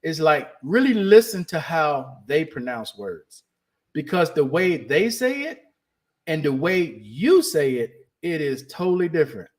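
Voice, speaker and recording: A man's voice: a little high, very animated, measured pace. A man hosting a podcast, talking to listeners in a candid, casual monologue. He often restarts and repeats phrases for emphasis. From United States. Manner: candid, emphatic, repeats himself while searching for words. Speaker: podcast host.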